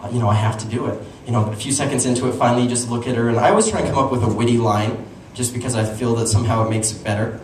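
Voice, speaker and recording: Racing along with hardly any pauses, a young man from Utah delivers stand-up at medium pitch, mixing lively stories with crowd talk. The club's live room echoes, the mic is far off, and laughter and general noise sit in the background.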